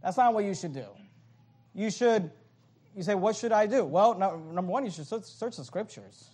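A man with a high, bright speaking voice preaches a sermon. He is animated and joking, and breaks off into quick acted-out voices before returning to his numbered points. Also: breathy edge. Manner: animated, joking asides, acts out voices of others. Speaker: pastor.

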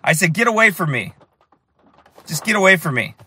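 A fiery man preaching in a high, bright voice that cuts through. He tells his story with strong emphasis and builds to shouts. His tone stays sharp and forceful. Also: animated, fairly quick, husky. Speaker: street preacher. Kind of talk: preaching while telling a story.

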